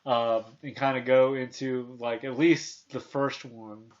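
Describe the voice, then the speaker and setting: A man's voice: mid-range voice, little pitch movement, takes it slowly. Man in his thirties, movie talk host, rambling, filler-heavy, lo-fi sound. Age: 30s. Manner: rambling, many restarts and fillers, retells scenes. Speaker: podcast host. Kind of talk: casual movie review chat.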